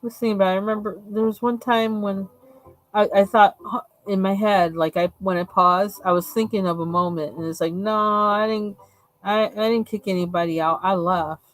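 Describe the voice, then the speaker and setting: A woman's voice: medium pitch, fairly even intonation, normal speed, no echo, low-quality recording. A woman from the United States hosting a live coloring stream, chatting casually, laughing often and acting out the lines she quotes. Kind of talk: casual storytelling chat.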